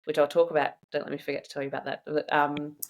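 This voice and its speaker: A woman in a casual interview, telling personal stories in a chatty, animated way and laughing often. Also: sits low, quick pace. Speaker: guest sharing her own experience.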